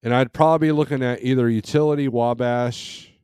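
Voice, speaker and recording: A man's voice: medium pitch, fairly even intonation, fairly quick, darkish tone, smooth, no room sound, studio quality. A middle-aged man hosting a trucking live stream, reading and answering chat in a casual, rambling way with many restarts and fillers.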